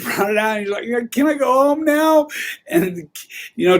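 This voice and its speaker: A man hosting a casual livestream, telling rambling, profane stories with a laugh now and then. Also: high-pitched. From Southern California. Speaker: livestream host.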